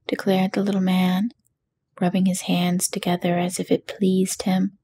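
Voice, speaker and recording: Bedtime reader, woman, slow whispery narration. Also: mid-range voice, monotone, husky. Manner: hushed and soothing. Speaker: audiobook narrator. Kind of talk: soft whispered bedtime reading.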